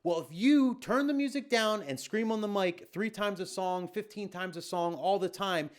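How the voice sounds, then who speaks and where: A man's voice: sits high, moderate pace. A man who is a DJ, giving casual, blunt and emphatic tutorial advice with slangy asides.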